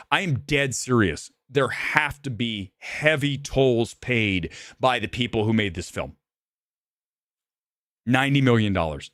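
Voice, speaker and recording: A man's voice: mid-range voice, fairly bright tone, no echo, clean studio sound. A man ranting angrily as he reviews a film live, repetitive and heated, saying he is shaking with anger. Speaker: movie reviewer.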